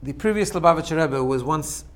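A religious teacher, male, delivers an informal sermon in a slightly high, brisk voice. He tells stories, keeps checking in with his listeners by asking "right?", and laughs at his own jokes.

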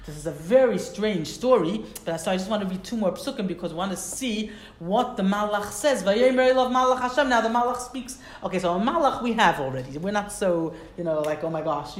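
A woman teaching a Bible class who reads Hebrew verses, translates them, and repeats words for stress. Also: on the low side. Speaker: Torah teacher. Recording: roomy echo.

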